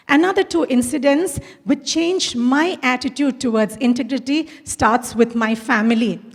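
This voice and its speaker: Casting: middle-aged Indian English woman, school principal, stage storyteller, higher voice, big hall reverb. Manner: storytelling, acts out quoted dialogue. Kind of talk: inspirational conference talk. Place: large conference hall.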